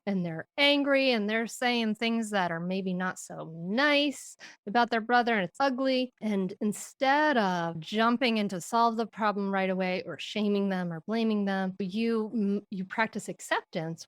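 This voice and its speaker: Woman guest on a parenting talk, gentle and encouraging, dry close sound. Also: medium pitch, a little slow, few pauses, no room sound. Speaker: podcast guest, parenting expert. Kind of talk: interview conversation.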